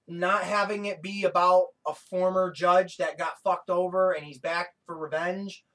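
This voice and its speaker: A man chats on a podcast, swearing freely and rambling with excitement. His voice sits a little higher than most men's. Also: a little slow, few pauses, rough recording. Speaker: podcast co-host. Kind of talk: casual chat.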